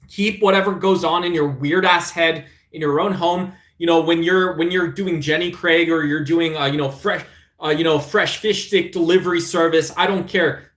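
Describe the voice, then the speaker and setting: A man's voice: on the high side, fairly bright tone, echoey room. A middle-aged man hosting a casual live stream, rambling and combative, often tagging on "right?". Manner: rambling and combative, frequent "right?" tag questions. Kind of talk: casual live-stream chat about politics.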